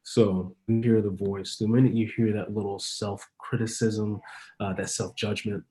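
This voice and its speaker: A man guest giving motivational coaching advice, pausing on fillers between his points. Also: fairly low pitch, little pitch movement, mellow.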